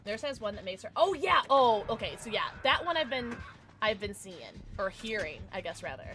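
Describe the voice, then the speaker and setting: A woman streaming a game live, chatting excitedly with viewers and her teammates and calling people love. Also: on the high side, a little fast. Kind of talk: live gameplay commentary.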